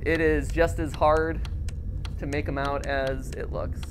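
A woman's voice: deep voice, little pitch movement, a little slow, noisy background. Jokey woman streaming a horror game. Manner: reactive, jokey, bursts into loud cheers. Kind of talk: live gameplay commentary.

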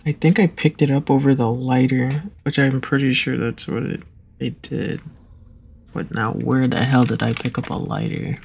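A man chatting casually with a friend while playing a co-op horror game, excitable and mildly swearing. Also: medium pitch, normal speed, creaky, slight background noise. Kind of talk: casual gaming chat.

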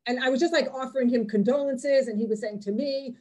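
A woman's voice: sits high, quick pace, darkish tone. A woman presenting on a video call, talking in a loose, chatty way full of fillers and restarts. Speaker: presenter on Israeli music. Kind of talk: casual online talk.

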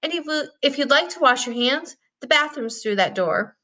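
A woman's voice: high voice, lively intonation, normal speed, sharp tone, voice pushed up. A woman voicing a cheerful, welcoming mother in a read-aloud storybook.

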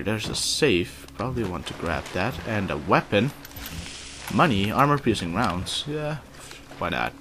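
A man's voice: medium pitch, noisy background. A man commenting casually while playing a video game, politely addressing game characters and muttering curses. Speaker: gamer. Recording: loud keyboard typing behind.

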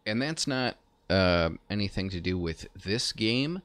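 A man's voice: lowish voice, animated, measured pace, a bit bright, no room sound. A man streaming a game and chatting casually at his PC, rambling and correcting himself as he plays. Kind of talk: casual gameplay commentary.

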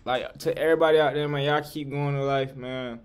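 A man's voice: medium pitch, fairly even intonation, a little fast, over loud music. A young man giving casual, hyped reaction commentary in slangy street talk. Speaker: reaction streamer.

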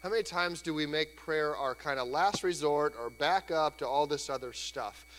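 A man preaching a sermon in a church, conversational and lively, sometimes acting out voices. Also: on the high side, normal speed. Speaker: pastor. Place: church sanctuary. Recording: church hall reverb, faint hum.

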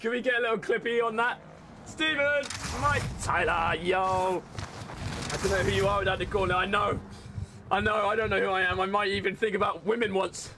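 A young man streaming a game live, bantering with his chat in an excitable, swearing way into a desk microphone. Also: sits high, a little fast. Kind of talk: live gameplay commentary. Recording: noisy stream audio with clicks.

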